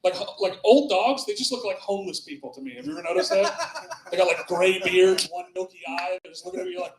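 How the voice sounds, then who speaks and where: A man's voice: high-pitched, big pitch swings, quick pace, creaky. A man doing a loose, rambling stand-up set with crowd work in a small club, often laughing at his own jokes. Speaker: stand-up comedian. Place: small club with live audience. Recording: echoey club room.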